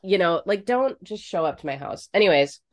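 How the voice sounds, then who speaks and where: A woman's voice: fairly low pitch, expressive, a little fast. Woman telling a crude story. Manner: frank, crude storytelling with swearing. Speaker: podcast co-host. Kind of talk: casual chat.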